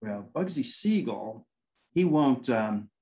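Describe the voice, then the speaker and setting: A man's voice: medium pitch, expressive, slow pace, dark tone, rough recording. A man, a paranormal investigator, telling anecdotes in a casual interview, rambling and acting out quoted dialogue.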